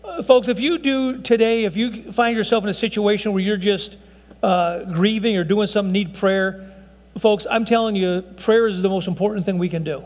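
A man's voice: high voice, normal speed, big-room sound. A man in his sixties preaching a folksy sermon to his congregation, often saying "folks". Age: 60s. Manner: folksy, repeats "folks, I'm telling you". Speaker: pastor.

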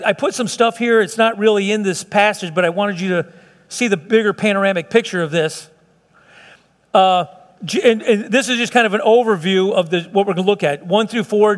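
High-voiced man preaching in a reverberant sanctuary. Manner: fervent, conversational preaching with repeated phrases and restarts. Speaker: pastor. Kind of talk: sermon. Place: church sanctuary.

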